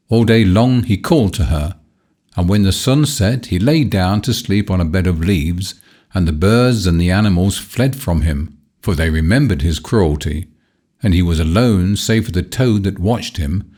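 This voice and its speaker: A man narrating a fairy-tale audiobook in measured, old-fashioned storytelling. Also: deep voice, darkish tone.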